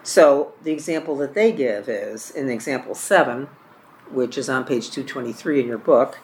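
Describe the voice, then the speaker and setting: A course trainer walks a class through phone skills for caregivers, working page by page through a training book. The voice sits in a middle pitch and reads each example aloud, often repeating or correcting a word along the way. Faint room noise hums underneath. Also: moderate pace.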